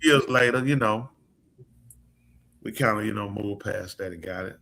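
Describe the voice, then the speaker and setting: A man with a low, bright and forceful voice, chatting as the host of a live talk show. He is a preacher who spins stories with energy and slips into the voices of the people in them. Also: moderate pace, vocal fry. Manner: lively storyteller who acts out quoted voices. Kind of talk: casual storytelling chat.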